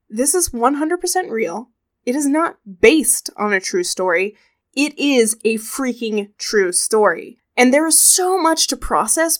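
Chatty, animated woman podcast host. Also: fairly high pitch. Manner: animated and chatty, pop-culture asides. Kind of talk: true crime podcast narration.

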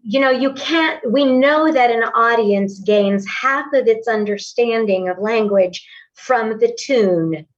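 A woman coaching a student's voice, her own pitch sitting a little high as she counts up and down to demonstrate. She sounds set back from the mic, and the recording is dull and lo-fi. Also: takes it slowly, far from the mic. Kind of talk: coaching a student through voice exercises.

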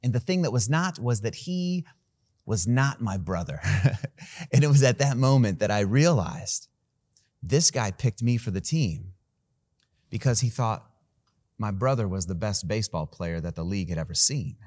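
A man preaching a sermon who tells a personal story in an animated, self-deprecating way and laughs at himself. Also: lowish voice, normal speed, pauses often, dry recording, studio quality. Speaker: pastor.

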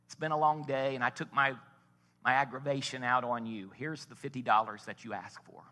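A man's voice: mid-range voice, fairly even intonation, fairly quick, pushed and bright, big-room sound, close to an everyday voice. A man voicing a short-tempered, hardworking father in a sermon story. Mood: remorseful. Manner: stern, scolding.

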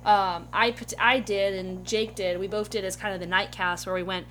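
A woman in casual chat about a tabletop game she plays, talking in quick restarts. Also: medium pitch, fairly even intonation, a bit bright, slight background noise. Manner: chatty, self-correcting restarts. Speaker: player.

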